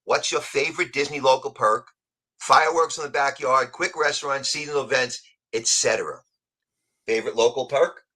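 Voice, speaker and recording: A man from New York with a New York accent, chatting casually as a guest on a live stream, telling stories in an animated way. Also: medium pitch, normal speed.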